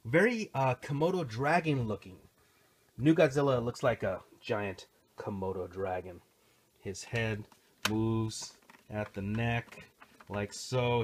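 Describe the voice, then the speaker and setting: A middle-aged man with a somewhat husky voice talks through a toy review at home. He is excitable and rambling, with chatty asides to the viewers at an ordinary pitch. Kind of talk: casual hands-on toy review. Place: home recording station.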